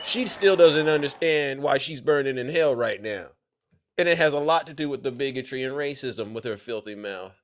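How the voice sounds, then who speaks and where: A man streaming live reaction commentary, mocking and animated with frequent exclamations. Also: mid-range voice, normal speed.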